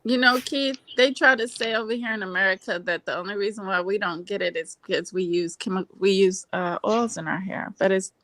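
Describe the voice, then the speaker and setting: Bright-voiced wry woman caller. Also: mid-range voice, fairly quick, hardly any pauses, slight background noise. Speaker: guest on a call-in broadcast.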